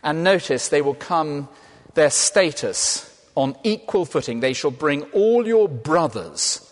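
Preacher in an echoing hall. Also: male voice, fairly high pitch, lively intonation, slow. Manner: conversational, asks and answers his own questions. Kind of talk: sermon. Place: church. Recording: long reverb of a large hall.

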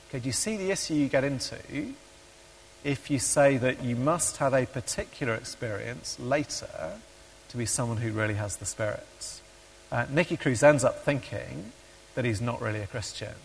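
A man's voice: mid-range voice, slightly rough. A man giving a sermon, hesitant with many ums, who reads a story aloud and acts out the quoted voices. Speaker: preacher. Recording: long hall reverb.

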